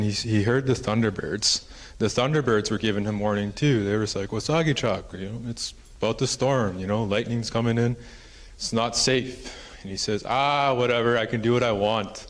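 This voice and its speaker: Low-voiced man telling a casual story. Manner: casual and rambling, with many fillers. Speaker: presenter and storyteller. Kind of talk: oral storytelling in a conference talk. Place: conference hall.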